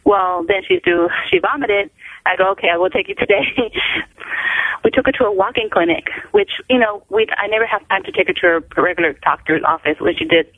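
A woman in her forties, a mother calling in to an interview, tells her story haltingly with many fillers and acts out the dialogue she quotes. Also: medium pitch, expressive, dry recording. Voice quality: creaky, gravelly. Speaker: guest, mother of a patient. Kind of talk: phone-in interview, personal story. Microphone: telephone. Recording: tinny phone line.

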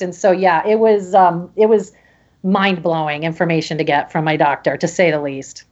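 A middle-aged woman from Connecticut, a podcast guest, telling a personal story in a halting way with many restarts. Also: lowish voice, fairly even intonation, a little mellow, dull audio. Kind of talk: emotional personal interview storytelling.

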